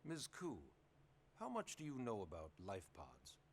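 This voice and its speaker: A man's voice: on the low side, huge pitch swings, a little slow, slight background noise, exaggerated voice. An actor playing a polite, persuasive male official in a video game who coaxes people into agreeing. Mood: coaxing. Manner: polite, coaxing, quietly manipulative. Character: smooth-talking male official, persuasive and sly.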